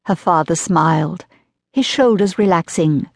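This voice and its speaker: A woman narrating an audiobook in an even, measured storytelling voice. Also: lowish voice, no room sound, clean studio sound. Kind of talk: scripted narration of a historical romance.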